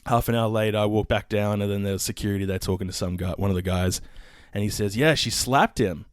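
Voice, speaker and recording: A man co-hosting a casual podcast, telling a story full of swearing and animated retelling. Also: fairly low pitch, quick pace, clear, resonant tone, dry recording, clean studio sound. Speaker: podcast co-host.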